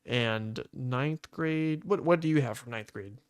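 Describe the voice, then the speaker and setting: A man's voice: medium pitch, a little slow, smooth, no room sound. Young man, podcast co-host, rambling casual storyteller, dry close mic. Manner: rambling storyteller with many fillers. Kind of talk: casual chat.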